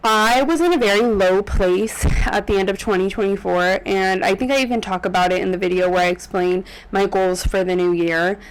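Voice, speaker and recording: A young woman in her twenties chats to the camera from a corner of her apartment room, recorded on a desk microphone. She rambles and corrects herself often, filling pauses with ums, and her voice sounds teary and close to breaking. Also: medium pitch, a little hiss or hum, rough recording. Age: 20s. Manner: chatty, rambling, with many ums and self-corrections. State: tearful, on the verge of crying. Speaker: vlogger. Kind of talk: casual vlog talk to camera. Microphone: USB desk microphone.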